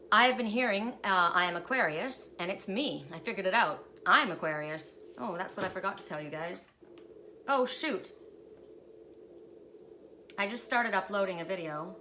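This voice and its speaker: Woman card reader, casual and rambling, home recording with clear background noise. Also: mid-range voice, pushed and bright. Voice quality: rambling, chatty, with frequent restarts. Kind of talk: casual spiritual card reading.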